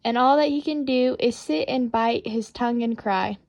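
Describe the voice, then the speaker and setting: A woman reading children's poems aloud in a playful, expressive, sing-song way. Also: a little high, moderate pace, highs cut off.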